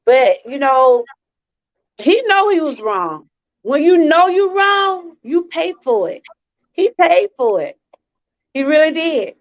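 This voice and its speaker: A woman's voice: high-pitched, big pitch swings, slow, pauses often, lo-fi sound. A woman from Georgia, hosting a live-stream testimony talk, earnest and repeating herself as she speaks straight to her viewers. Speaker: channel host.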